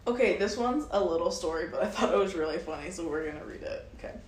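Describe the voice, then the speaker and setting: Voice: medium pitch, expressive, fast talker, a little hiss or hum. A podcast co-host reading a listener's story aloud in a casual, giggly way, restarting after stumbles. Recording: roomy echo.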